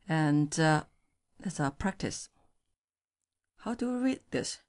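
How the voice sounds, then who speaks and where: Woman teaching tones, super slow, lively pitch, patient drill voice. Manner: patient, repeats syllables slowly, laughs easily. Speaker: Chinese teacher.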